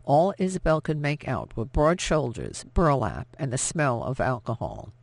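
A man reading an audiobook in scripted narration, measured and even. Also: mid-range voice, vocal fry, no echo.

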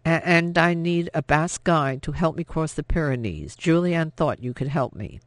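A man's voice: a little high, expressive, normal speed, dry recording, natural voice. A man voicing a frightened but defiant young woman who protests in breathless, rising bursts. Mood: earnest.

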